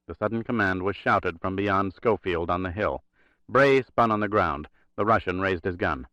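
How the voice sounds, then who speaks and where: A man narrating a thriller audiobook in a steady, measured reading. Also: low-pitched, no room sound. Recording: dry, slightly dull recording.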